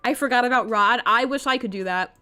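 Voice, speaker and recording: A young woman streaming a visual novel, reading the characters' lines aloud and reacting with giggly, animated commentary. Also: fairly high pitch, a little fast, soft background music.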